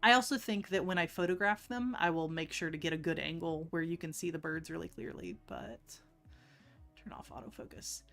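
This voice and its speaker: A woman's voice: on the low side, fairly even intonation, a little fast, vocal fry, fairly bright tone, soft background music. A woman chatting casually on a live stream while doing nail art, laughing often and teasing herself.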